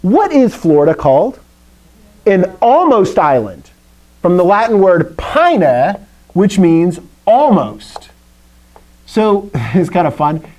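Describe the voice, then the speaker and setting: A man's voice: sits high, very animated, takes it slowly, a little mellow, poor audio. A man from the American South teaching a Greek class, chatty and playful, with lots of asides. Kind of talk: classroom lecture.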